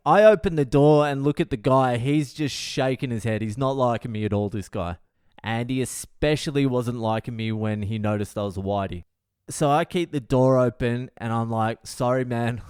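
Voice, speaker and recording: A man's voice: a little high, smooth, dry recording, studio quality. A middle-aged man with an Australian accent, hosting a podcast and telling a story casually, swearing a lot and laughing at himself. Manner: profane, animated storyteller who laughs at himself. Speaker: podcast host.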